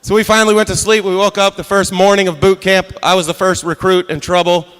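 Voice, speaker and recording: A man doing a stand-up set on stage, telling an animated story and acting out other people. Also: high voice, fast, clear, resonant tone. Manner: animated storytelling, acts out drill instructor. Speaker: stand-up comedian. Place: comedy stage before a live audience.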